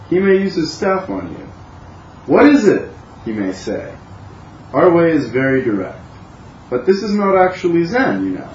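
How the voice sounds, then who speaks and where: A man reading a Zen text aloud in a calm, measured way. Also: medium pitch, slight background noise. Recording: distant, echoey lo-fi recording.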